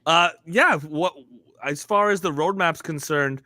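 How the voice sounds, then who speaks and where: A man co-hosts a casual podcast chat in a playful way and often stammers into restarts. His voice is bright and slightly high, and it sounds close and dry. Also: unhurried, no echo. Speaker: podcast co-host.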